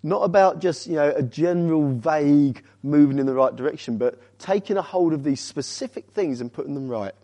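This male guest preacher's voice is a little high, and he speaks briskly with few pauses. Pressing the congregation with rhetorical questions, he moves from loud emphasis to quiet, weighty statements.

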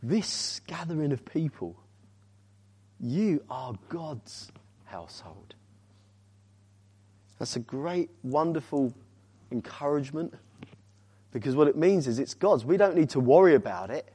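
A man preaching a sermon as a visiting speaker, urging the congregation with rhetorical questions and swinging from loud emphasis to quiet, weighty words. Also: a little high, expressive, a little slow, pauses often, breathy edge.

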